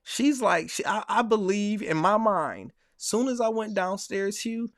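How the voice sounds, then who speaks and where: A man's voice: high voice, lively intonation, unhurried, a bit bright, no room sound, studio quality. A man hosting a sports podcast, chatting casually and rambling through a long personal story with run-on asides. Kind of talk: casual chat.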